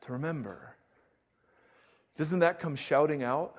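A man preaching a sermon to his congregation, reading scripture aloud and joking with the crowd in an animated way. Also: on the high side, moderate pace. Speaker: pastor.

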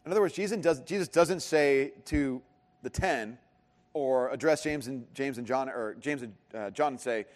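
A man's voice: high voice, animated, moderate pace. Man preaching in a reverberant hall. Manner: conversational, joking asides. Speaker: pastor. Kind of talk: sermon.

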